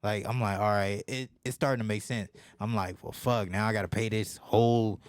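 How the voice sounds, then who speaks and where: A young man in casual podcast chat, telling a profane story and jumping into lively voices when he quotes people. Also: on the low side, fairly quick. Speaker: podcast host.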